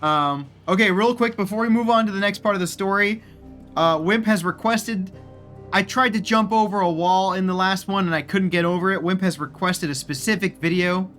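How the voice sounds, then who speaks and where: A man's voice: sits high, normal speed, a bit bright, soft background music. Chatty, rambling male streamer. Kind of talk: casual live-stream commentary.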